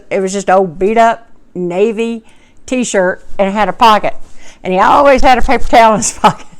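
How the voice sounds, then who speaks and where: A middle-aged woman, telling a personal story in a rambling, folksy way and correcting herself as she goes. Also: medium pitch. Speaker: cooking channel host telling a personal story.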